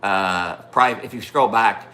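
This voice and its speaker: Speaking at a moderate pace in a lowish voice, this livestream host tells his chat casual stories full of swearing. He's animated, laughs through the anecdotes, and stops to greet viewers by name.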